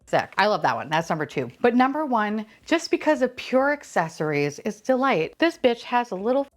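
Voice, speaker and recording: Gushing, swearing woman with lively pitch. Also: normal speed. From Florida. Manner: gushing, excitable, swears freely, sudden squeals. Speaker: unboxing vlogger. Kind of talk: casual unboxing chat.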